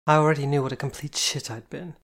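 A reader voicing a blunt, sweary young woman in an audiobook who swears freely and is quick to shout. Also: medium pitch, steady tone, natural voice. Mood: contrite. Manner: brash and profane, quick to shout. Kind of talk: audiobook character voice.

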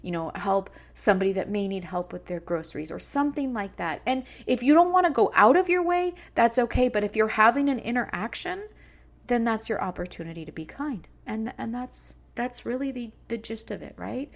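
A woman's voice: on the high side, expressive, fairly quick, gravelly. A middle-aged woman hosting a personal podcast, talking earnestly and emotionally about kindness and her children. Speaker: podcast host.

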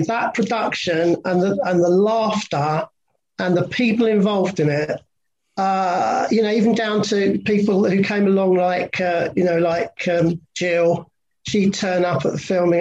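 A man's voice: high voice, steady tone, unhurried, lo-fi sound, slight background noise. A man from England, an actor guest on a podcast, talking in a rambling, hesitant way. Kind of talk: casual interview chat.

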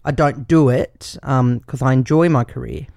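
A woman's voice: a bass voice, gravelly, background noise. A female comedian guest on a comedy podcast, teasing the host and laughing easily. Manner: slow, teasing, laughs readily.

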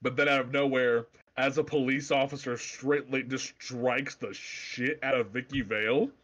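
A man co-hosting a casual comic book podcast, talking in an animated, profane way with stammering restarts. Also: medium pitch, normal speed, muffled recording. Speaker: podcast co-host.

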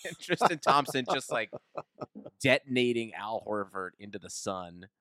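Playful male podcast co-host, animated pitch, dry close sound. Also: moderate pace, dry recording. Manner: playful, riffs on jokes. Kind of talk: casual chat.

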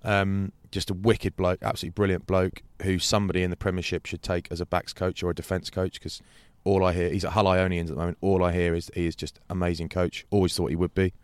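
Brief: podcast host, low-pitched, slangy storyteller, dry close sound. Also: male voice, little pitch movement, quick pace, hardly any pauses, clear, resonant tone, dry recording. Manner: rambling storyteller, swears, slangy. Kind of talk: casual anecdotal chat.

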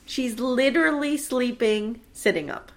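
A woman casually co-hosting a podcast, recapping a TV episode with animated storytelling and acted-out quotes. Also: fairly high pitch, measured pace. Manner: animated storytelling, acts out quotes, laughs often. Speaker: podcast co-host recapping a TV show. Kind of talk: casual chat.

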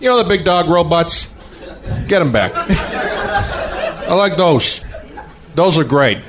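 A man's voice: on the high side, expressive, takes it slowly. A man doing a giggling comedy impression of an older filmmaker, rambling and breaking character on a noisy podcast. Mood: wistful rambling.

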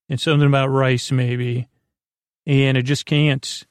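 Guy with a gravelly voice, flat monotone, rambling a sleepy recap, lots of uhs. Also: dry recording, clean studio sound. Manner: meandering, full of "uh" and "he goes"; low-key, unhurried delivery. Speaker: podcast host. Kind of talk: rambling bedtime recap of a TV episode.

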